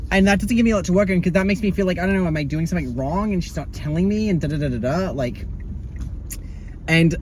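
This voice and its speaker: A man's voice: on the high side, a little hiss or hum. A young man telling a dramatic, sassy video-diary story, swearing and swinging into exasperated outbursts. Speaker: vlogger.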